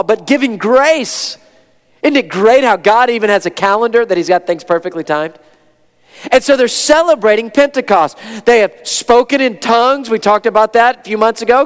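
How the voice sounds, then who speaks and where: High-voiced preacher in a reverberant church. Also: male voice. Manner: energetic, folksy preaching with quick asides. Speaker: pastor. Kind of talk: sermon. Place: church sanctuary. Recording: long reverb of a church sanctuary.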